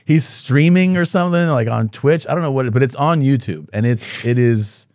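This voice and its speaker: Gravelly low-voiced guy rambling thru a story on a podcast, dry close sound. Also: normal speed, darkish tone, no echo. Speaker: guest comedian. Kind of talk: casual podcast chat.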